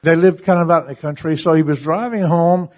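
A man's slightly high voice moves briskly as he tells a story for his sermon. Animated throughout, he chuckles between lines and performs the different voices.

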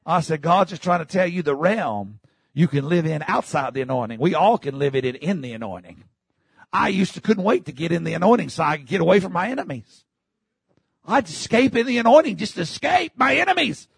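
A man preaching a sermon in a church, fervently, breaking into shouts and calling for the congregation to answer him. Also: sits high, lively intonation, a little fast, gravelly, husky, dry recording. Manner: fervent preaching, bursts into shouts, call-and-response. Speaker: pastor.

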